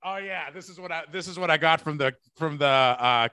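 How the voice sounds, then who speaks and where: Bright-voiced profane podcast host. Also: male voice, fairly high pitch, a little fast, clear, resonant tone, no echo. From San Francisco Bay Area. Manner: profane, rambling, bursts into laughter. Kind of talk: casual podcast chat.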